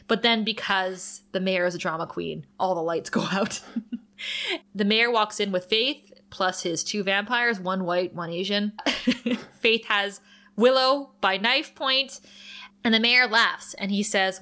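A woman's voice: mid-range voice, a little slow. A woman co-hosting a casual podcast, retelling a TV episode scene by scene and reading out the characters' lines. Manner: animated retelling, reads out dialogue with laughs. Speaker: podcast co-host recapping a TV episode. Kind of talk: casual chat.

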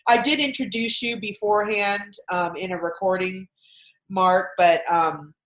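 A woman's voice: medium pitch, fairly even intonation, unhurried, fairly bright tone. Woman host rambling on a zoom call, echoey room sound. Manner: rambling run-on sentences. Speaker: podcast host. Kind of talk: casual chat over video call. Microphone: video call. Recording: roomy video call audio.

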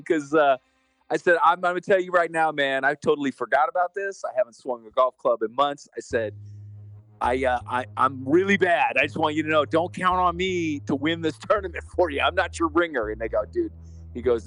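A man's voice: on the high side, brisk, a bit bright, faint music behind. A man, a podcast co-host, chatting casually and rambling through a story, acting out the people in it. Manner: rambling storyteller, acts out dialogue. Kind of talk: casual chat.

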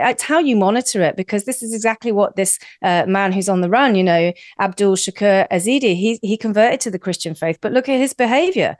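A woman news correspondent talking through a story on live radio. She is animated and often repeats words as she thinks aloud. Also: mid-range voice, no room sound, studio quality.

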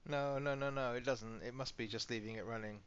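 Chatty British man, animated storyteller. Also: mid-range voice, a little fast, crowd noise. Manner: animated storytelling, swears freely. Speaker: podcast co-host. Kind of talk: casual chat. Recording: slightly muffled podcast audio.

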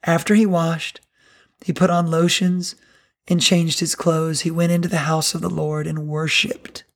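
A man's voice: on the high side, little pitch movement, measured pace, gravelly. A middle-aged male pastor preaching a sermon in an earnest, conversational way.

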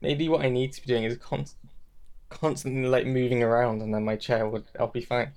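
A man co-hosting a casual chat, talking in a rambling, animated way. His voice sits at a middling pitch and leaps up when he acts out what he was thinking. He restarts sentences often and trails off. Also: fairly quick. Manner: rambling, animated, jumps to high pitch for quoted thoughts.

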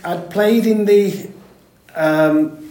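A man's voice: high-pitched, dark tone. An older man, a former footballer talking candidly as an interview guest, rambling and restarting his sentences often. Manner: rambling, halting with frequent restarts and "mate". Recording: echoey room.

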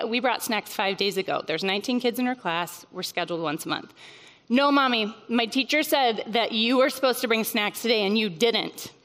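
A woman's voice: on the high side, a bit bright. A woman in her thirties giving a casual teaching talk to a mothers' group, chatty and conversational, with many fillers and bursts of emphasis. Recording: long hall reverb.

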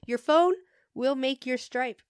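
A woman with a fairly high voice tells an animated story in casual chat. She laughs often and swears freely. The sound is dry and close. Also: slow pace, clean tone, no room sound. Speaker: podcast co-host.

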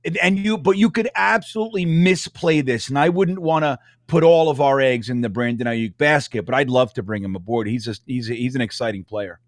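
Excitable rambling man, dry mic. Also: mid-range voice, brisk, few pauses, dry recording. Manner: rambling, excitable, lots of fillers. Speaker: podcast co-host. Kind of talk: casual sports chat.

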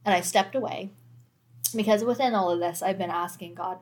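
A woman's voice: medium pitch, moderate pace. A woman in her thirties, a mother of four, talking candidly and reflectively in a casual faith conversation, with many fillers.

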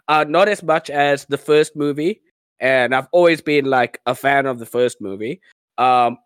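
A man's voice: a little high, a bit bright, dry recording. A man co-hosting a podcast in casual chat, enthusiastic and gushing, laughing often. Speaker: podcast co-host.

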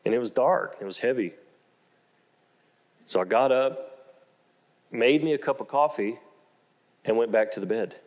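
A middle-aged man preaching, with a voice that sits in the middle of the male range. He tells his story slowly and low, then breaks into loud, excited exclamations. He keeps repeating his phrases for emphasis. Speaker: pastor. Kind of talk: storytelling sermon.

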